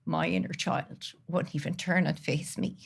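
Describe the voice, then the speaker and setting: A woman guest on a podcast, speaking earnestly and from the heart, sometimes dropping to a soft near-whisper. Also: low voice, steady tone, normal speed, gravelly, slightly rough. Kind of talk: candid conversational interview.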